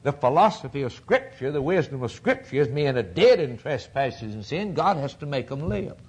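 Husky man preaching an emphatic sermon. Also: mid-range voice, big pitch swings, normal speed, darkish tone. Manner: fervent, emphatic preaching with repetition.

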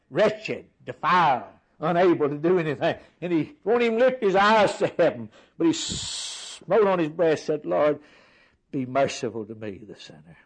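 A man's voice: on the high side, rough recording. Emphatic male preacher in full sermon. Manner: rhythmic emphatic preaching with lists of words.

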